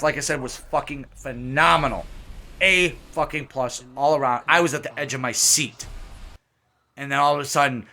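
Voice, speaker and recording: Forceful, profane, ranting male reviewer. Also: on the high side. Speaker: movie reviewer. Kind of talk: angry film review rant.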